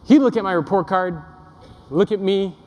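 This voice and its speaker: A man's voice: high-pitched, moderate pace, darkish tone. A young man giving a humorous keynote to a live audience, telling self-deprecating stories and joking with the crowd. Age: young adult. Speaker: keynote speaker. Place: large conference hall before a live audience. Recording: echoey conference hall, live.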